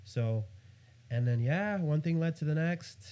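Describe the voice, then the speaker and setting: Guest on a chat podcast, young man from New York. Mellow voice, tells his story in an animated way. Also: on the high side, a little slow. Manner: animated, quotes others in a raised voice. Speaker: guest photographer. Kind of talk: casual storytelling.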